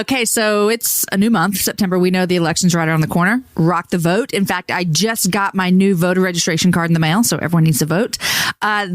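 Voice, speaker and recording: A woman's voice: on the low side, no echo. A woman, telling a story on a casual podcast, laughing at herself as she goes. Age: 40s. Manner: self-deprecating, giggly storyteller. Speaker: podcast co-host. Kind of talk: casual chat.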